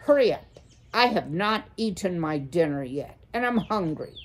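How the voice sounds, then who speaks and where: A woman's voice: mid-range voice, lively intonation, slow pace, a little mellow, a little hiss or hum. A woman voicing a menacing, snappish male horned owl in a read-aloud storybook. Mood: gruff, impatient. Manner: snarling, snappish.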